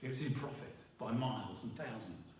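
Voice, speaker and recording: A middle-aged man preaching a sermon. He talks in a halting way, restarting his sentences and filling pauses with ums. His voice is heard from some distance and rings around a very reverberant church hall. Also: medium pitch, slight background noise. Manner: halting, with many restarts and fillers. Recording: roomy echo, voice from afar.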